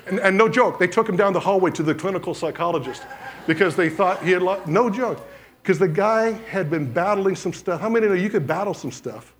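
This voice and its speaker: A high-voiced man preaching from the pulpit, animated and conversational. He tells stories and acts out the voices of the people in them, swinging between loud emphasis and quiet asides. His voice sits noticeably high for a man. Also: brisk. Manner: animated storytelling, acts out quoted dialogue. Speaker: pastor. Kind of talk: sermon testimony.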